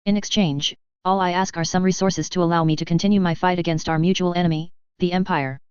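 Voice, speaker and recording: A reader doing a calm young ex-pilot. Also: mid-range voice, fast, clear, resonant tone, no room sound, dull audio, lightly acted. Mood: composed. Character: calm, determined young Japanese ex-pilot man.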